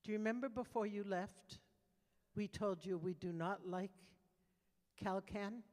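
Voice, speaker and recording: A woman voicing her female Siamese cat, who coolly scolds her owner in a slow, disdainful way. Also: mid-range voice, darkish tone, big-room sound, lightly acted.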